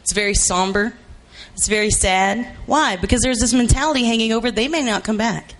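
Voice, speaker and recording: A man preaching a sermon, emphatic and repetitive, rising to shouts for emphasis. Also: sits high, brisk.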